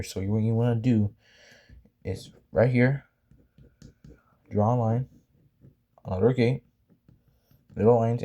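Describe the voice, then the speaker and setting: With a dark, lowish voice, a young tutorial maker talks casually over his drawing. It's a meandering, apologetic chat packed with fillers and restarts.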